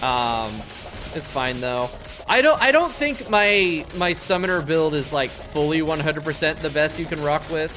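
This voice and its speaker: A young man talks through his game in a loose, rambling way, swearing often as he goes. His voice sits a little high for a man. Game music plays clearly behind him. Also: lively intonation, unhurried. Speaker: streamer. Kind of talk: casual gameplay commentary.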